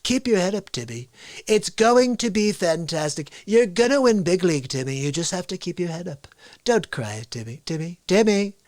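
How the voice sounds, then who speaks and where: A man putting on an impression of a boastful older male politician, in a coaxing, drawn-out way with lots of repetition. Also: high voice, lively intonation, a little mellow, no room sound.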